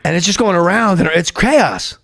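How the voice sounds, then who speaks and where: A middle-aged man with a slightly higher voice, a guest telling comedy stories in casual chat. He is animated and profane, and he slips into quick impressions of the people in his anecdotes. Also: vocal fry. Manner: animated, swears, acts out quoted voices, laughs at his own stories. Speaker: guest, former comedy writer.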